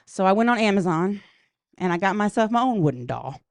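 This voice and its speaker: A woman works a comedy club crowd with a brash, profane stand-up set, chatting right at them. Her voice is smooth and clear. The sound is dry and close. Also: mid-range voice, big pitch swings, a little fast, no echo.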